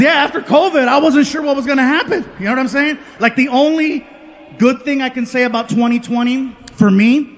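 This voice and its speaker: A man doing stand-up comedy on a big live stage, telling a story with animated delivery and acting out voices, shouting punchlines. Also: extremely high pitch, slight background noise. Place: large live venue with audience.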